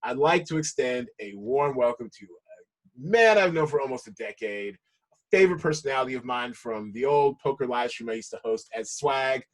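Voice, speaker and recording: A man hosting a casual film podcast, playful and hyped, laughing often. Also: mid-range voice. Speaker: podcast host.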